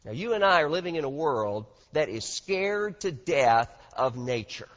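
Male pastor, emphatic slow sermon delivery, dull recording with long hall reverb. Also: fairly high pitch, sing-song, fairly bright tone. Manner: dramatic, emphatic, swells in volume on key points. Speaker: preacher. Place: large church hall.

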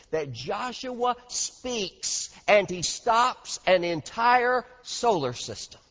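Male pastor, emphatic slow sermon delivery, dull recording with long hall reverb. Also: high-pitched, a bit bright. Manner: dramatic, emphatic, swells in volume on key points. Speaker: preacher. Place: large church hall.

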